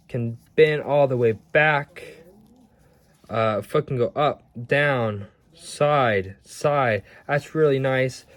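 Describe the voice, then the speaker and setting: A man casually reviewing action figures, rambling and stumbling over his words as he shows them off at home. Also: mid-range voice. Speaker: toy reviewer.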